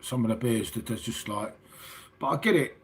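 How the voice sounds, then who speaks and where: With a husky, expressive, mid-range voice at normal speed, this middle-aged English host runs a relaxed late-night livestream. He's matey and foul-mouthed, addressing everybody as "mate" while he chats with his audience.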